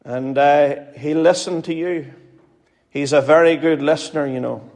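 Man, Northern Irish accent, preacher, high voice, earnest and pleading, reverberant hall. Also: fairly even intonation, a little slow, a little mellow. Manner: earnest, pleading, repeats phrases for emphasis. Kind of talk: sermon.

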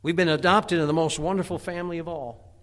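A man's voice: on the high side, steady tone, quick pace. A middle-aged man preaching a sermon in a folksy way, often restarting with stammered repeats. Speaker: pastor.

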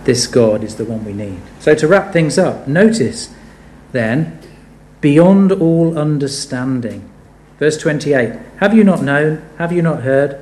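A man preaching a sermon, animated and building to emphatic rhetorical questions. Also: a little high, slow pace. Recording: echoey room.

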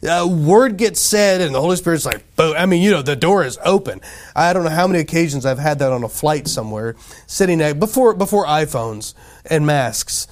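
A pastor preaching a sermon in a casual, conversational way, often asking the congregation questions and acting out quoted voices. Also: male voice, a little high, lively intonation, a little fast.

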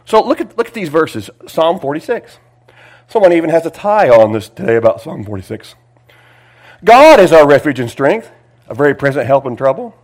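A man preaching a sermon, reading scripture aloud with emphatic, drawn-out phrases and dropping into quiet asides. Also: fairly high pitch, very animated, rough recording. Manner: swings between loud emphatic reading and hushed asides; repeats phrases, drags out words for emphasis.

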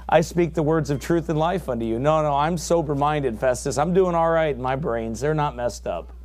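Fiery preacher man, higher voice. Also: moderate pace, a little hiss or hum. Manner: fiery, rising to shouts. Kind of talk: sermon.

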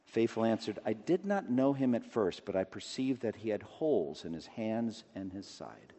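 A man's voice: sing-song, normal speed. Man preaching in a reverberant hall. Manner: emphatic, rising to loud declamation and dropping low. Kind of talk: sermon. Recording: long reverb of a large hall.

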